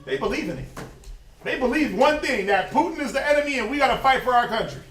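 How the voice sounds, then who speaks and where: A man with a high voice preaches in a loose, fiery way, firing off rhetorical questions and chuckling to himself. He sounds far from the mic, and there is a clear hiss of noise. The room around him is roomy and echoing. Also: lively intonation, quick pace, fairly bright tone. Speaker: Sabbath study leader. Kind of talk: informal preaching and scripture reading. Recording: echoey room, distant mic, noisy.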